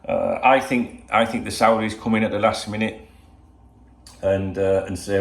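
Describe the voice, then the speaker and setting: A man's voice: lowish voice, fairly even intonation, normal speed, gravelly. An older man from England talking casually to camera at home as a football channel host, rambling with lots of "you know" asides. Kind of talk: casual solo video chat. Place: at home indoors. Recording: roomy home echo.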